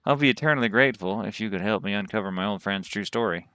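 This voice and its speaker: A man's voice: on the low side, fast, a bit bright. A man voicing a folksy, earnest cowboy quest-giver man in a video game, reading his lines aloud with a put-on cowboy drawl.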